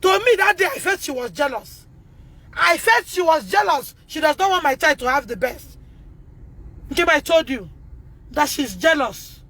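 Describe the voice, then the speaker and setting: A Nigerian mother in a self-recorded phone video, talking in a distressed, pleading way, repeating herself and breaking into shouts. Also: very high-pitched.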